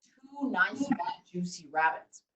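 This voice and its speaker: A woman's voice: on the low side, lively intonation, slow, pushed and bright, heavily acted. A woman doing a sly trickster rabbit. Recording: roomy, distant mic.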